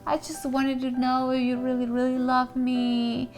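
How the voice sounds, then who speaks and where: A woman voicing a fed-up young fiancée, raising her voice higher than her own. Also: monotone, measured pace, faint music behind. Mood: soft. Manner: indignant, then soft and pleading.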